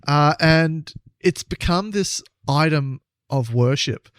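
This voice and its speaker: A man co-hosting a comedy podcast, retelling a story with teasing, quick banter. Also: on the high side, clear, resonant tone, dry recording, studio quality. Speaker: podcast co-host.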